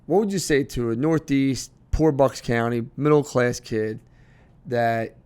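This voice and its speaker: A man's voice: medium pitch, measured pace, darkish tone, smooth. Casual man asking loose questions. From United States. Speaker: podcast host. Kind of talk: casual interview talk.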